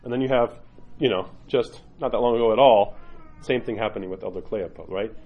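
A man's voice: on the low side, brisk, husky, phone-quality sound. A man, a priest giving an informal teaching talk, telling stories with animation and often checking in with "right?".

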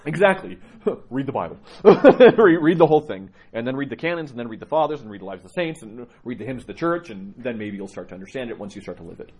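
With a husky, mid-range voice, this priest talks rapid-fire and barely pauses. He teaches his congregation conversationally, animatedly telling stories and laughing as he goes.

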